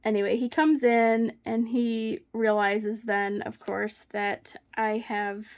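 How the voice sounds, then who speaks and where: A woman's voice: fairly high pitch, flat delivery, slow. A woman vlogger chatting casually while she crafts at home, telling a story with frequent laughs. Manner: chatty storyteller, laughs often mid-sentence.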